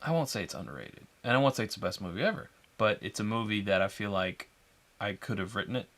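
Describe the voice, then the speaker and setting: A man co-hosting a live whiskey tasting, joking and talking in an animated way. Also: lowish voice. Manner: animated, playful, quick to joke. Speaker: co-host of a whiskey tasting livestream. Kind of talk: casual chat.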